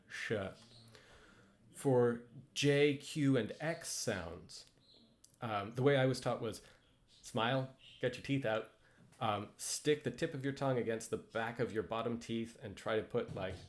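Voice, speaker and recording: Hesitant man teaching with many ums. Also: medium pitch. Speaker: language instructor. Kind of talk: casual lecture with slides.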